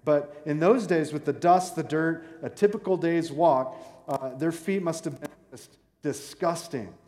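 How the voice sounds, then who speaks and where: A fairly high-voiced man preaching in a loose, joking, conversational way, acting out the people he describes. His voice rings through a big church hall with a long, echoing tail. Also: measured pace, darkish tone. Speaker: pastor. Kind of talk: sermon. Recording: echoey hall with long reverb.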